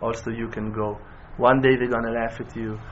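A man giving a sermon in full of terms, telling stories in a low voice and then rising into loud, passionate exhortation. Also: little pitch movement, normal speed. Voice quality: non-native English with Hebrew terms. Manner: impassioned, swings from hushed storytelling to loud rising exhortation. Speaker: rabbi. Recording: dull lo-fi recording with faint noise.

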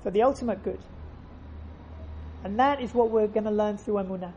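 A woman's voice: mid-range voice, a little fast, a little mellow, highs cut off, a little hiss or hum. A woman giving an earnest faith lesson, telling stories and repeating phrases for emphasis. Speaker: religious teacher.

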